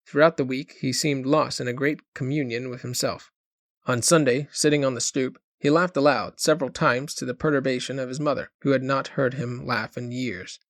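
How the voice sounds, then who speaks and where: A man's voice: medium pitch, steady tone, normal speed, dry recording. Man narrating an audiobook, dry and close. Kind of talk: scripted narration.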